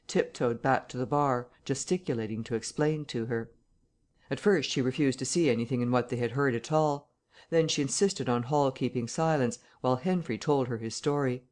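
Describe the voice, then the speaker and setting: Measured male audiobook narrator. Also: mid-range voice, a little mellow.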